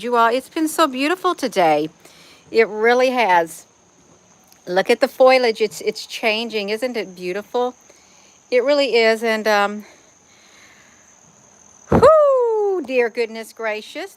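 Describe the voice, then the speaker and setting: A woman's voice: fairly high pitch, fairly bright tone, rough recording. A woman hosting a casual livestream outdoors, chatting to viewers by name in a folksy way and often saying "you all". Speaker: livestream host reading chat. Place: outdoors among trees.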